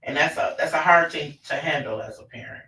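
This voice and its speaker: A man's voice: on the high side, fairly quick, pushed and bright. A man presenting an online parenting class in a conversational way, often restarting his sentences. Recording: roomy, distant mic.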